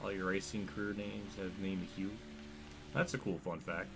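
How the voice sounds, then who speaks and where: A man's voice: deep voice, flat delivery, moderate pace, over music. A man with a Pennsylvania accent giving live commentary while streaming a racing game, rambling and self-deprecating as he reacts to chat.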